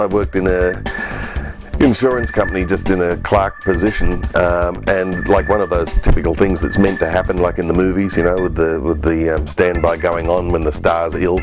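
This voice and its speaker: An older voice artist talks in a deep, unhurried way. He rambles comfortably through his answers with easy fillers. Music runs underneath him. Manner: relaxed, rambling, chatty. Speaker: voice artist and comedian guest. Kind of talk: interview answers.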